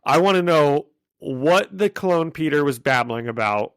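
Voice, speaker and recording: A man co-hosting a podcast, excitedly recapping a comic issue in casual chat, thinking aloud and laughing easily. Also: on the high side, measured pace, clear, resonant tone, no echo. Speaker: podcast co-host.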